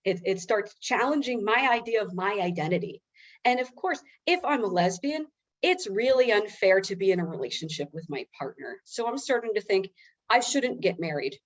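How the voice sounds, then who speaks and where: Woman presenter, mid pitch, candid and self-deprecating storyteller, slightly dull webinar sound. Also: expressive, moderate pace. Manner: candid, self-mocking, conversational.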